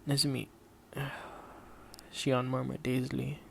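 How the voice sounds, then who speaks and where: A man narrates an audiobook at a steady, measured pace. His mid-range voice carries a gravelly texture, and he keeps the characters' lines quiet rather than theatrical. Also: mid-range voice, slight background noise.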